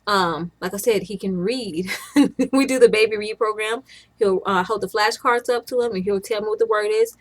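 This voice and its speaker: Chatty young mom rambling to camera. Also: female voice, medium pitch, moderate pace. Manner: chatty, rambling, with frequent restarts and laughs. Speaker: stay-at-home mom vlogger. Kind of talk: casual chat to camera.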